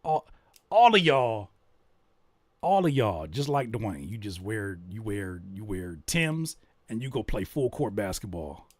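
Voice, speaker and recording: A man hosting a casual livestream, reacting to music and joking with chat in an animated way. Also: on the low side, a little slow, no room sound. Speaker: livestream host giving music feedback.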